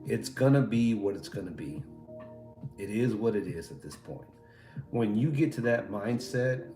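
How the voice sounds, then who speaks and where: A man hosting a live stream, chatting casually in a rambling, laid-back and profane way while talking to viewers. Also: on the low side. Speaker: livestream host. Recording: roomy echo, faint music behind.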